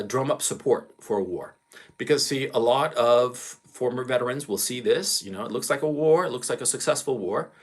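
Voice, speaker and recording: A man's voice: medium pitch, breathy edge. A man giving a ranting commentary vlog in a profane, emphatic way, hammering his points again and again.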